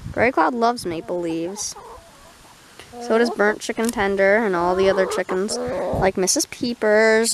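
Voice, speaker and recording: A woman from Canada chatting casually in a backyard tutorial vlog, talking softly to her chickens. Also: medium pitch. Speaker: vlogger. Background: chickens clucking.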